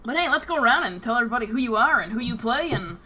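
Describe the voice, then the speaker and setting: A woman's voice: a little high, expressive, very fast, noisy background. A woman hosting a tabletop game stream as game master, chatting casually, often laughing and repeating words as she rambles.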